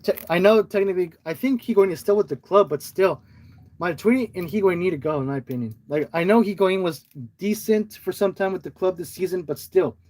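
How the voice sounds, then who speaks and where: A man's voice: high voice, fairly quick, darkish tone. A man co-hosting a casual soccer podcast over an online call, often hesitating and restarting his phrases. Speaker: podcast co-host.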